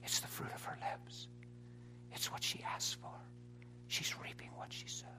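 A man voicing a deceptive male spirit in a hushed, coaxing whisper, as whispered role-play inside a sermon. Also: a little slow, close to an everyday voice. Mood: sly.

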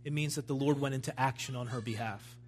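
A man's voice: mid-range voice, steady tone, fast, slight background noise. A man preaching a sermon at a church service, in a fervent, emphatic style that builds in intensity.

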